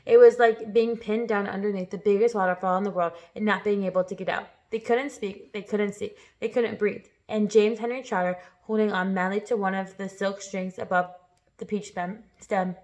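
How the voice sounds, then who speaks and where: A woman reading a children's novel aloud with expressive storytelling. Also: mid-range voice, moderate pace. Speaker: reader.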